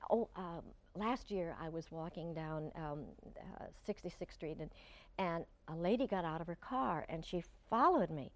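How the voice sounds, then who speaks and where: An older woman giving an interview, reminiscing in a warm, halting way with frequent restarts. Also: fairly low pitch, no echo. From Portland, Oregon. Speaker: interview guest. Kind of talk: reflective interview talk.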